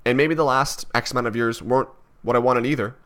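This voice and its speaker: A man's voice: mid-range voice, steady tone, quick pace, fairly bright tone. A young man from Canada talking through his thoughts in a personal vlog, rambling and self-critical with many restarts. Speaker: vlogger.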